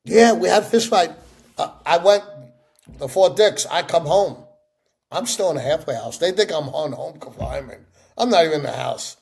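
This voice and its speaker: A middle-aged man in a sit-down interview, telling stories with lively acted-out voices. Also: on the high side, normal speed, gravelly. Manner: animated storyteller acting out quoted voices. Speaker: interview guest.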